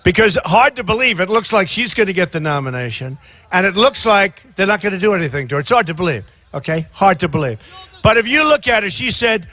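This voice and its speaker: A man in his sixties giving an off-the-cuff campaign rally speech outdoors, rambling and repetitive, often shouting to a crowd. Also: high-pitched, sing-song, fairly quick. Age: 60s. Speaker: presidential candidate.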